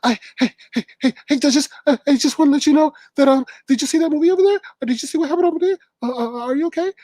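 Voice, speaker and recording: A man mocking a flustered, gossipy woman tattling to a friend, stammering in a rushed, high voice. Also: warm tone, dry recording, lightly acted. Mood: fake innocent. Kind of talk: mocking impression in commentary.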